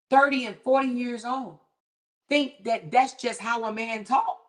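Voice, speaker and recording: A middle-aged woman hosting a livestream, talking candidly and emphatically in casual commentary, with her pitch climbing sharply when she gets indignant. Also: expressive, slow, pauses often. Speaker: livestream host.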